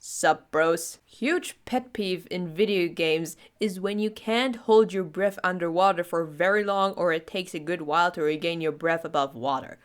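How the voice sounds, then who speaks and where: A woman in her twenties, reading comedy posts in a casual, deadpan way and putting on many voices. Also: on the low side, normal speed, few pauses. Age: 20s. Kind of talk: comedic dub of text posts.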